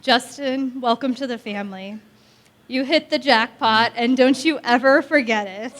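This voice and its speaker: A woman's voice: on the high side, moderate pace, a bit bright, a little hiss or hum. A woman giving a heartfelt wedding toast to her sister and new brother-in-law, affectionate but feisty.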